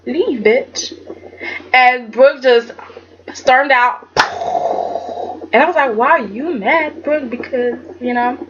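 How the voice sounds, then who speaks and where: A woman reviewing a soap opera episode in casual chat, animated and chatty, acting out quotes in dramatic voices. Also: sits high, takes it slowly, long pauses. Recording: dull lo-fi sound with faint background noise.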